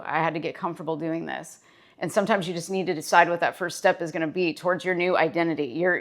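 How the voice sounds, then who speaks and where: A woman therapist giving casual motivational talk to camera, earnest and encouraging, repeating phrases for emphasis. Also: on the low side. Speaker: therapist and self-help vlogger.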